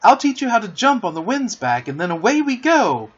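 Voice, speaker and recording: A man's voice: sits high, big pitch swings, fairly quick, slightly rough, voice pushed up, exaggerated voice. A man voicing a boastful, cunning young boy in a storybook reading, with a coaxing, sly manner in a dull lo-fi recording.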